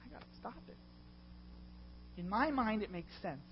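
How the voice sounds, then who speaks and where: A middle-aged man preaching a sermon as a pastor, passionate and confessional, with loud swells. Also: high voice, expressive, normal speed, muffled recording, slight background noise. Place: church.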